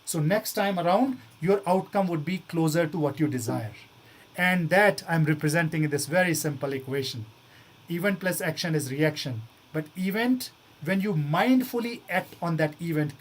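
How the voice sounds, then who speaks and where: A man with a fairly high voice gives a motivational talk to a room of students. His delivery is earnest and coaxing. He keeps throwing the same questions back at his audience. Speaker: motivational speaker.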